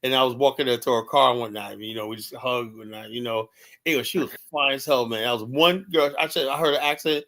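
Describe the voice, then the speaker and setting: A man's voice: medium pitch, steady tone, quick pace, fairly bright tone. A man, a podcast host, chatting casually and telling anecdotes, often checking in with "right?". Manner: storytelling, repeats "right?" often. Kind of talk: casual chat.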